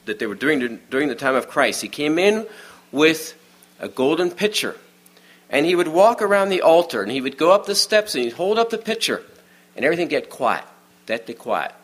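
A man giving a sermon in a conversational, storytelling way, often dropping to a hush for the quiet moments. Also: on the high side, very animated, a little fast. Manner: many restarts and fillers, informal aside. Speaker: preacher.

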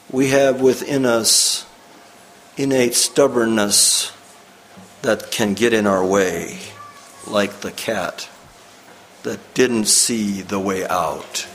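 A male preacher giving a sermon, slow and deliberate with pauses. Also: medium pitch, a little hiss or hum, low-quality recording. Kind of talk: sermon with story reading.

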